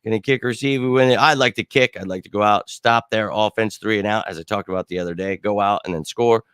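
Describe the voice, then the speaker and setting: A middle-aged man hosting a fan live stream, chatting casually with viewers in an excitable, slangy way and bursting into shouts now and then. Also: on the low side, quick pace, smooth, dry recording, clean studio sound. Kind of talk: casual live chat answering viewer comments.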